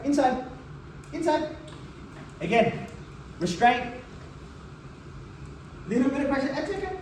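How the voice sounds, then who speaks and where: A man's voice: high voice, a little mellow, slight background noise. A man teaching dog crate training in a direct, blunt way, often breaking off to talk to the dog. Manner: talks to the dog while teaching. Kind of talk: instructional demonstration. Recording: roomy, distant mic, faint ambience.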